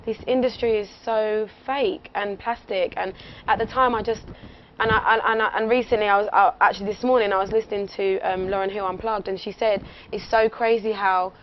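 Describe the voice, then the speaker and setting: This young English guest's casual radio interview chat is rambling, giggly, and thick with fillers. She speaks a little fast in a mid-range voice with fairly even intonation, and the recording is muffled lo-fi with faint noise.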